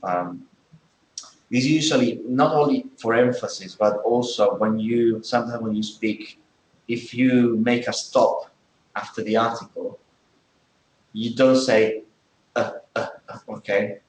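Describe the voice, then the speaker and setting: A man's voice: mid-range voice, steady tone, measured pace, echoey room, slight background noise, rough recording. A man teaching English in a classroom, explaining things step by step and checking in with many okays. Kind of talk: classroom lesson.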